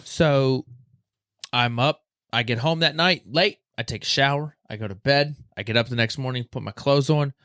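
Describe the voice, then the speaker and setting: A man's voice: medium pitch, normal speed, fairly bright tone, no echo, clean studio sound. A man hosting a podcast, telling a rambling personal story in a laid-back way, often repeating himself. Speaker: podcast host. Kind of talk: casual storytelling chat.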